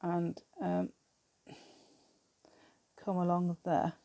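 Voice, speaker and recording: A woman's voice: on the low side, monotone, drawn-out words, vocal fry, dark tone, dry recording. A British woman hosting a craft channel, chatting through a crafting demonstration and rambling to herself with giggly asides.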